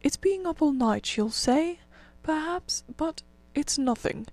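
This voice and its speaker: A humble, weary male mole from a storybook, voiced by a woman reading aloud. He speaks tiredly and drowsily in a fairly high voice. The recording is dry and close. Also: animated, slow, a little mellow, no echo, heavily acted.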